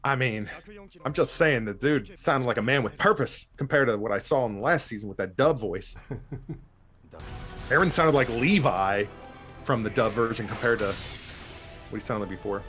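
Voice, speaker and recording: A man's voice: medium pitch, normal speed, pauses often, fairly bright tone, faint music behind. A man thinking aloud and laughing often as he reacts to a show he is watching for the first time. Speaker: anime reaction host. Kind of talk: casual reaction commentary.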